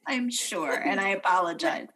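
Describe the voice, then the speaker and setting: A woman's voice: mid-range voice, bright, forceful tone, husky. A woman from the United States co-hosting a podcast, chatting casually and laughing often. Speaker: podcast co-host. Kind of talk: casual chat.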